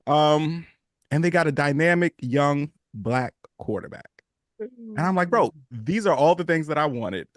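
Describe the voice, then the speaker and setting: A man co-hosting a podcast, telling a fan story in casual sports chat, animated and swearing freely. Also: a little high, measured pace, no echo, clean studio sound. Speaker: podcast co-host.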